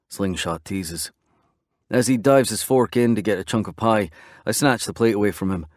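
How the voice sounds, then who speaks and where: A man narrating a romance audiobook in the first person, in a steady, conversational storytelling manner. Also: lowish voice, normal speed, dry recording, clean studio sound.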